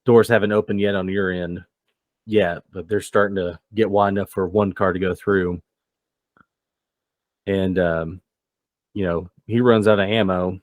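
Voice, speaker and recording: A man runs a tabletop game as game master, narrating the scene in a relaxed, loose manner. His voice sits fairly low. The sound is dry and close, with no room around it. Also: dry recording. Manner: relaxed, descriptive, loose with fillers.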